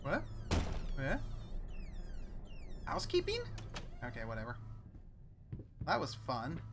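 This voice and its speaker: A man's voice: mid-range voice, wildly swooping pitch, takes it slowly, pauses often, fairly bright tone, a little hiss or hum. A man playing a horror video game and commenting on it, sarcastic and jumpy, talking back to what he sees on screen. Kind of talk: let's play commentary. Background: game music.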